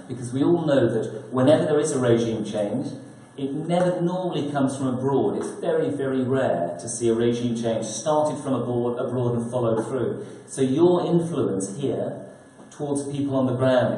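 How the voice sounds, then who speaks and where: In a very echoey conference room, a male author gives a thoughtful, prepared talk to an audience at a press conference in a conference hall, posing rhetorical questions. His voice is medium-pitched and mellow.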